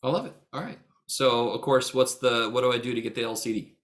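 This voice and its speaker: A man's voice: medium pitch, brisk. Joking, blunt-talking male math teacher. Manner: joking, blunt, swears freely; teasing students by name. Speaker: math instructor. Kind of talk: casual online lecture. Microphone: video call.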